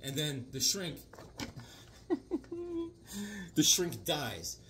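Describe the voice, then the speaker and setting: A man in his fifties chatting casually about his comic books, animated and jokey with sudden loud outbursts. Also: on the high side, drawn-out words, background noise. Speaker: comic book collector. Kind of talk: casual chat showing comics.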